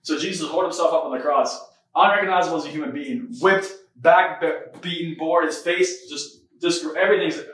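Fast-talking fervent preaching man. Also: on the high side, a bit bright. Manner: fervent, fillers like "man", "right?", "come on". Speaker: podcast host preaching. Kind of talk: casual spoken sermon. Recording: very echoey room, mic far off.

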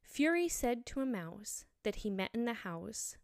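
A woman narrating a storybook aloud in a measured, expressive reading. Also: mid-range voice, clean tone, no room sound, clean studio sound.

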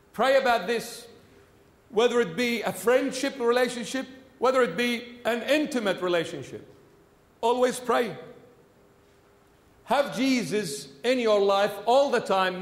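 High-voiced bishop preaching in a hall. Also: male voice. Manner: emphatic, repetitive preaching that swings between loud and soft. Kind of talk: sermon. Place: church.

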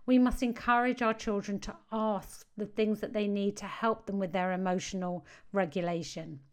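A woman's voice: mid-range voice, clear, resonant tone. A woman, a parenting coach giving earnest advice to parents and stressing key phrases.

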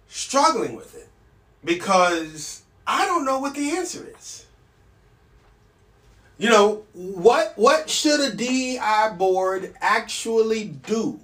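A man's voice: sits high, a bit bright, recorded from a distance. A man hosting a casual solo podcast, talking bluntly and with a sardonic edge. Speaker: podcast host. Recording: echoey room, off mic.

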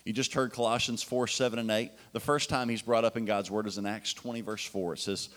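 A man's voice: on the low side, little pitch movement, a little fast, few pauses, fairly bright tone. A man preaching a sermon in a casual, enthusiastic way, with fillers and restarts. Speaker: pastor.

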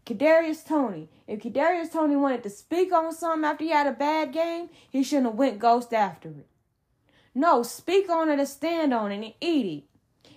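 A woman's voice: high voice, animated, moderate pace, a little mellow. A young adult woman hosting a solo sports podcast, ranting in a heated, emphatic way with blunt slang. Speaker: podcast host.

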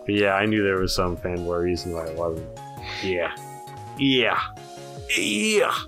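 Low-voiced man running a tabletop game. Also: fairly even intonation, soft background music. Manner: casual, halting, jokey. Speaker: game master.

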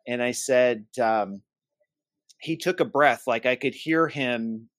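A man's voice: medium pitch, slow, no echo. A man co-hosting a church safety podcast, telling a personal story in casual chat and acting out what each person said. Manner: animated storyteller who acts out quoted dialogue.

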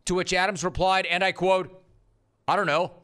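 A man with a somewhat high voice hosts a sports radio show. He is sarcastic and emphatic, and he repeats his punchlines for effect. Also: fairly even intonation, moderate pace, a bit bright. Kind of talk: sports talk monologue.

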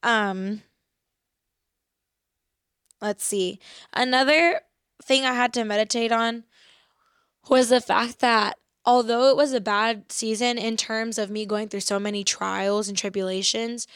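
Earnest woman, faith talk, slightly high voice, dry close sound. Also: steady tone, a bit bright, clear, resonant tone, no echo. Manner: earnest, reflective, reads verses slowly. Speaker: faith podcast host. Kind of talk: personal faith talk with scripture reading.

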